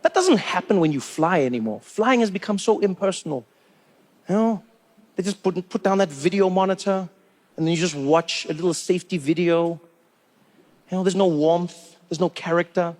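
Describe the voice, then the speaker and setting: A man from Africa, telling stand-up stories with animated disbelief. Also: high voice, normal speed. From South Africa. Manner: animated, incredulous storytelling. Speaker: stand-up comedian. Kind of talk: stand-up comedy.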